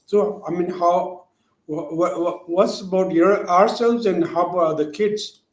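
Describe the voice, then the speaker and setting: A hesitant man in his forties works his way through a question on a video call, with many pauses. His voice sits a bit high for a man. The sound is roomy and echoey. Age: 40s. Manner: hesitant, many fillers and restarts. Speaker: audience member asking a question.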